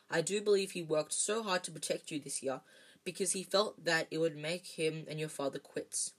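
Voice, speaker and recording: A woman's voice: on the low side, natural voice. A woman reading a dreamy old wizard headmaster. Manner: gentle, musing, wry. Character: elderly male headmaster wizard, whimsical and dreamy.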